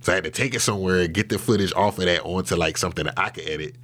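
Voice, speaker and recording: A man's voice: low voice, rapid-fire, fairly bright tone. A man being interviewed, telling a story in a loose, casual way with lots of fillers and swearing. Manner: loose and profane, with many fillers and restarts. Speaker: interview guest.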